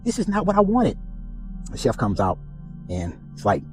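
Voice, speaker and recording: A man's voice: mid-range voice, normal speed, pauses often, faint music behind, poor audio. A man hosting a casual spiritual reflection, telling a story and acting out the voices in it. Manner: animated storytelling, acts out dialogue. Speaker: podcast host.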